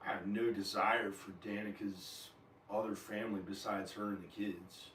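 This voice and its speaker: A man with a somewhat low voice talks in a rambling, agitated way, stopping often with fillers. He is recorded at home in an echoey kitchen, away from the mic, with faint noise behind him. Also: flat delivery, normal speed, a bit bright. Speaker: video maker. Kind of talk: rambling monologue. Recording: echoey room, camera far from the mouth.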